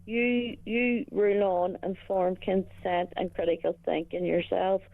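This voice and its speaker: A woman from Northern Ireland with a Northern Irish accent, calling in and speaking in a hesitant, halting way. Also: medium pitch, fairly even intonation, no echo. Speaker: caller. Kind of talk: casual phone-in chat. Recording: tinny phone line.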